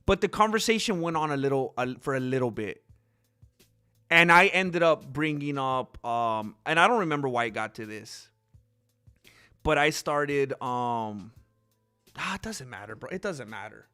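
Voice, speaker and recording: A man hosting a live stream, rambling casually to viewers and calling the fight with excitable outbursts. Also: mid-range voice, normal speed, smooth, faint music behind. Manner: rambling, talkative, addresses viewers as bro; excitable, loud bursts when reacting.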